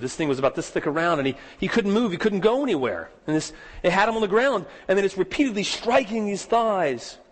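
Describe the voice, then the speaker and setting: A man preaching a sermon, telling a story with rising dramatic emphasis and slowing down on key words. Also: high-pitched, in a large hall. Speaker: pastor.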